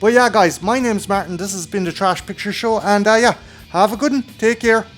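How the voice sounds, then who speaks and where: A man's voice: high-pitched, a little fast, a bit bright, soft background music. Sweary Irish man reviewing films. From Ireland. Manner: enthusiastic, heavy casual swearing. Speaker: film review host. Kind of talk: casual film review monologue.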